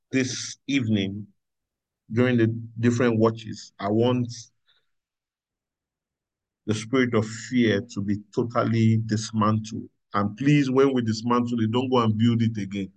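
A man's voice: mid-range voice, poor audio. A man pastoring a prayer meeting, preaching earnestly and repeating himself with frequent hallelujahs. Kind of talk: sermon.

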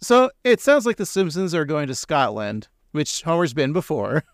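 A man's voice: on the high side, big pitch swings, normal speed, dry recording, clean studio sound. A man co-hosting a casual podcast, rambling and joking, laughing often. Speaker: podcast co-host.

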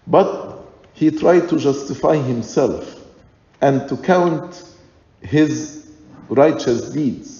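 Slow, mellow-voiced male preacher in an echoey hall. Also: a little high, gravelly. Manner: slow, deliberate, emphatic, with repeated phrases. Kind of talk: sermon. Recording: echoey hall, dull lo-fi sound.

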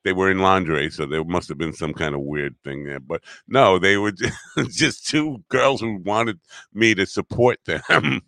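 A man's voice: deep voice, moderate pace, no echo. A middle-aged man hosting a podcast, chatting casually and playfully, wandering off on tangents. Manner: rambling, playful, lively intonation. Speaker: podcast host. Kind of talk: casual chat.

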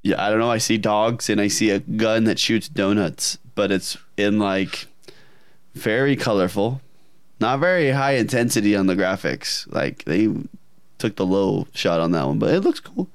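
A man's voice: fairly low pitch, moderate pace, clean tone, no echo, clean studio sound. A man co-hosting a gaming podcast, chatting casually and animatedly, often laughing. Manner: animated, laughing, putting on silly voices in anecdotes. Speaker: podcast co-host.

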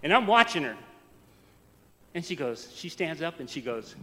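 A man from the United States preaching a storytelling sermon, swinging from soft to loud. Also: a little high, very animated, moderate pace, long pauses, long reverb tail. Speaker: pastor.

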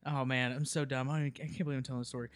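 A man's voice: mid-range voice, level tone, very fast, dry recording, studio quality. A man from Memphis, telling self-deprecating stories in a casual chat and laughing often. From Memphis, USA. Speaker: guest storyteller.

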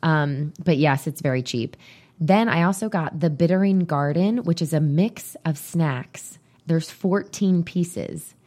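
A woman's voice: low voice, unhurried, a little mellow. A woman co-hosting a podcast, chatting casually and rambling as she reads items off a list. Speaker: podcast co-host. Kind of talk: casual chat.

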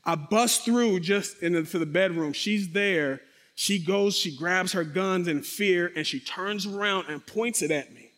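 High-voiced man telling a dramatic testimony. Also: measured pace. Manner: animated, acts out sound effects and quotes; addresses the audience directly. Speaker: speaker giving a personal testimony. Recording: long reverberant hall.

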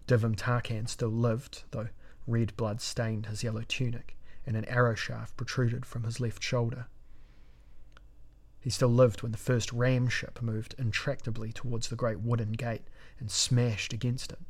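Man narrating in a flat, measured voice. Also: medium pitch. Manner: measured, dramatic reading. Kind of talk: audiobook narration.

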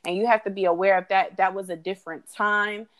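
A young adult woman co-hosts a casual talk show. She talks through relationship advice in a reflective way, stretching her phrases out. Her pitch sits in an ordinary middle range. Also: steady tone, fairly quick. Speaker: podcast co-host. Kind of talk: casual chat.

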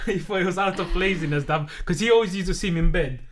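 A man's voice: high-pitched, fast talker, very noisy. A man on a podcast panel sharing a story in a casual, youthful way, often laughing as he talks. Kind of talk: casual chat.

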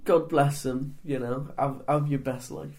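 A man's voice: medium pitch, steady tone, unhurried, a little mellow. A man chatting on a podcast who jokes around, hesitates and trails off mid-sentence. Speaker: podcast co-host. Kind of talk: casual podcast chat.

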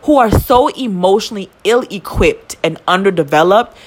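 A young woman, telling a story in casual chat as a podcast co-host, profane and quick to indignation. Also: medium pitch, animated.

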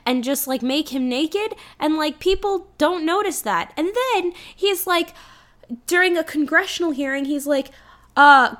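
A woman's voice: extremely high pitch, measured pace. A woman in casual chat about a film, retelling scenes with quoted lines and frequent swearing. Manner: animated, swears, acts out movie lines.

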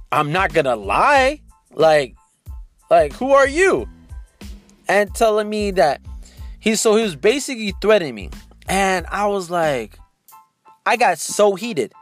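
A man hosting a podcast, telling a story in a casual, indignant rant and addressing his listeners directly. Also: sits high. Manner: indignant, talks straight to listeners. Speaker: podcast host.

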